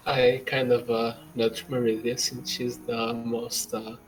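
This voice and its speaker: A man's voice: mid-range voice, flat delivery, takes it slowly, soft background music, poor audio. A man playing in a tabletop game, talking casually and hesitantly with fillers. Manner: casual, hesitant, apologetic in character. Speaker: player.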